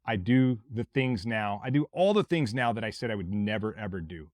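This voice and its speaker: A man from Mississippi with a Southern accent, hosting a podcast as a blunt, forceful motivational monologue with plenty of swearing. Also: on the low side, animated, normal speed, no room sound, studio quality. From Mississippi, USA. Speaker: podcast host.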